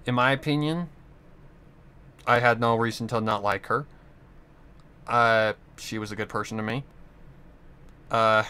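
A man's voice: medium pitch, fairly bright tone, clear, resonant tone. A young man talking into the camera in a rambling, earnest monologue, swearing often as he talks about his own past. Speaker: channel host. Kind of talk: casual monologue.

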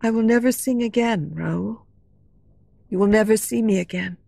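A woman voicing a gentle, sorrowful young singer who speaks softly and pleadingly. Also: medium pitch, moderate pace, vocal fry, no echo. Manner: soft, pleading.

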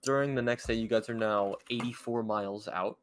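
A young man narrating as dungeon master in a casual tabletop game, pausing often with fillers. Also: fairly low pitch, steady tone, slight background noise.

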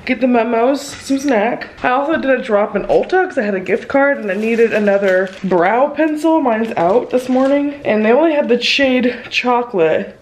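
A young woman with a croaky, congested sick voice, chatting casually and self-mockingly in a vlog. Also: a little high, normal speed, few pauses, a little hiss or hum, rough recording. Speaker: vlogger. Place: car and home.

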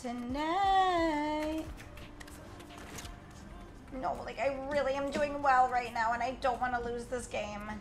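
A young woman streams a game live, talking nonstop as she plays. Her voice sits a little high, and she is excitable and gushing, with frequent squeals. Music plays clearly behind her. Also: brisk, few pauses. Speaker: gaming streamer. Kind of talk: live gameplay commentary. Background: music playing under the voice.

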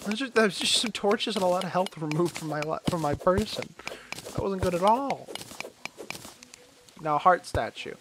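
A man's voice: high voice, animated, moderate pace, long pauses, background noise. A man giving casual let's-play commentary while gaming, rambling and self-mocking, laughing often and groaning dramatically when his character gets hurt. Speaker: gaming channel host.

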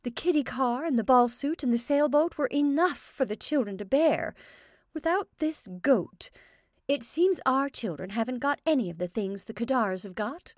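A woman's voice: sits high, expressive, normal speed, no room sound, studio quality, voice pushed up. A woman voicing a patient, plaintive middle-aged mother who sighs over her children's wants.

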